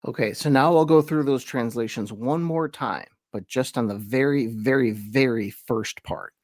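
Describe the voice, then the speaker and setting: Male teacher-host, mid pitch, casual explainer, slows for emphatic quotations, dry close mic. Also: no echo. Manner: reads quoted verses slowly with emphasis; relaxed, chatty explaining with asides. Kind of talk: conversational lesson.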